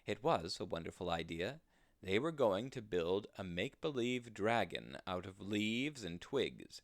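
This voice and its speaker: A man reads a children's storybook aloud in a low, unhurried voice. His pitch swings widely with sing-song expression. The recording is dry and close, with no room echo. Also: sing-song.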